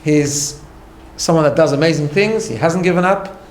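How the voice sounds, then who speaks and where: In a study hall, a man with a fairly high voice teaches an informal class as a rabbi at a moderate pace. He speaks conversationally and emphatically, often restarting and checking in with "right?" The room is echoey, with a faint hum in the background.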